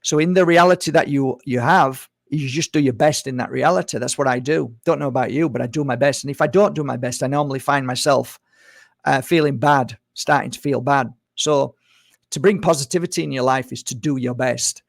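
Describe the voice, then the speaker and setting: Gravelly-voiced man musing on spirituality. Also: mid-range voice, no room sound, clean studio sound. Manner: repetitive, conversational, mimics others in quick asides. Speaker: spiritual speaker. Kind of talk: reflective spiritual monologue.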